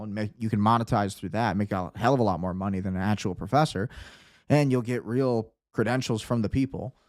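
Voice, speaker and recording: A man's voice: medium pitch, a little mellow, no room sound, clean studio sound. A man hosting a casual commentary show, ranting bluntly with sarcasm. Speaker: host.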